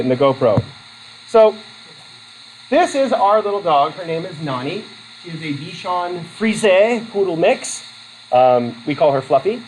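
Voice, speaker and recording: A man's voice: on the high side, darkish tone, slight background noise, rough recording. A man from Vermont teaching a college class, chatty and self-deprecating, with many fillers and restarts as he takes student questions. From Vermont, USA. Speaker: college instructor.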